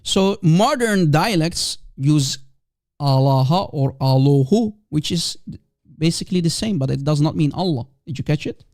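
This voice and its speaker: A man's voice: fairly high pitch, normal speed, dry recording, studio quality. A man whose first language is Aramaic hosts a live call-in stream, talking emphatically and repeating rhetorical questions to his audience.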